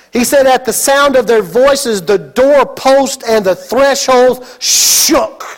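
A man preaches with a strikingly high voice and an unhurried, drawn-out pace. He delivers the sermon dramatically as a pastor, building to sudden shouted exclamations. His words stretch out slowly between the bursts.

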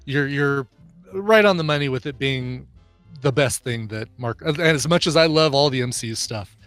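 A man's voice: medium pitch, moderate pace, fairly bright tone, no room sound, faint music behind. A man co-hosting a podcast in casual chat, enthusiastic and playful. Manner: enthusiastic, playful, full of fillers. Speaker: podcast co-host.

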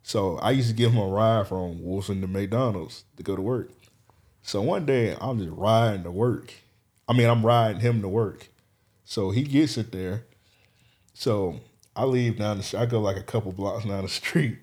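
A young man with a lowish voice, chatting on a podcast. He tells a rambling story loosely, swears a lot and breaks into laughter mid-sentence. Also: normal speed, a little mellow. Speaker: podcast co-host. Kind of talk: casual chat, storytelling.

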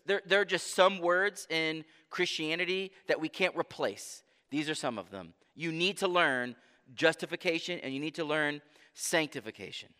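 A man delivers a sermon in a bright, slightly high voice. He is earnest and emphatic, slowing to press key phrases home. His words ring with the long reverb of a large hall. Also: clear, resonant tone. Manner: earnest, emphatic preaching with slow stressed phrases. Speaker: pastor.

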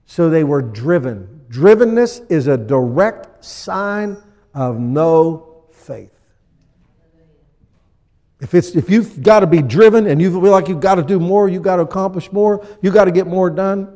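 A man preaching a sermon as pastor, acting out people in little scenes with lively energy. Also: high-pitched, measured pace, long reverb tail. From USA.

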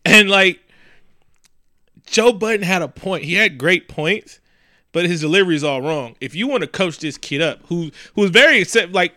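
Bright high-voiced man swearing casually. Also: moderate pace, dry recording, clean studio sound. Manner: profane, animated, rambling with many fillers. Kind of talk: casual chat.

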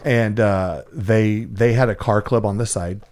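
A middle-aged man from Central California recounts a story in casual conversation. His voice sits a bit low, and he rambles with plenty of "you know" and profanity. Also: steady tone, unhurried, a little mellow. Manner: rambling, profane, lots of fillers and restarts. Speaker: guest telling a story.

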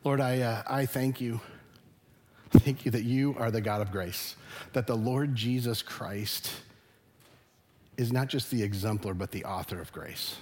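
A man's voice: medium pitch, unhurried, pauses often, darkish tone, a little hiss or hum. Earnest middle-aged male pastor preaching. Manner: earnest, conversational preaching with rising emphasis. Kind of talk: sermon. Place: church sanctuary.

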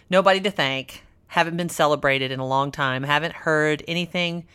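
A woman hosting a radio talk show, chatty and animated, acting out little quotes as she talks. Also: low voice, normal speed, smooth.

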